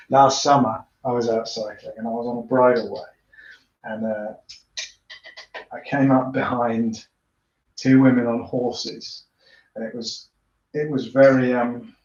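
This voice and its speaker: A British man answers viewer comments on a live tinkering stream on YouTube, his medium-pitched, slightly mellow voice level in tone, a bit slow, and full of pauses. He rambles casually and pokes fun at himself. The recording sounds roomy and dull.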